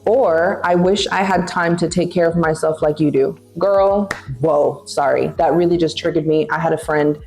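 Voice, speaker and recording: A young woman in her twenties talks straight to camera with blunt, playful big-sister candour as she reads viewer questions. Her voice sits a little low and sounds mellow and warm. Faint music plays underneath. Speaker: vlogger giving advice. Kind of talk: casual advice chat, reading viewer questions.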